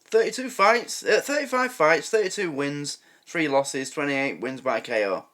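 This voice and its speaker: English male reaction host, lively and bright, excitable, thinks aloud. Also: fairly high pitch, moderate pace. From England. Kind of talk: casual reaction commentary.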